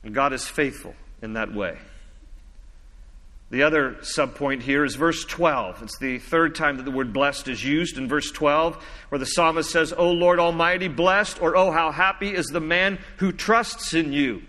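A man preaching a sermon as pastor, reading scripture slowly and dropping low and soft for emphasis. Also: in a large hall.

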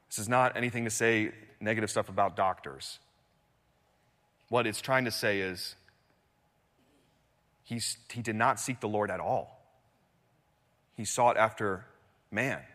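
A man preaching a sermon in a church, telling the story with animated swings between loud and hushed delivery. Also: lowish voice, a little slow, pauses often, long reverb tail. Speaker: pastor.

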